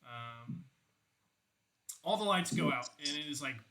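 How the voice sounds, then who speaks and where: A man's voice: on the high side, lively intonation, fast talker, gravelly, pushed and bright, low-quality recording. A young man casually narrating a tabletop game as game master, rambling with lots of fillers and swearing.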